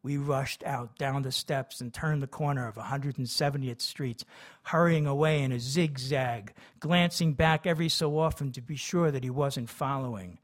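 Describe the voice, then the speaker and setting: Man reading a memoir aloud. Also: a little high. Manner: breaks off into chatty, hesitant asides. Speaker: memoir narrator.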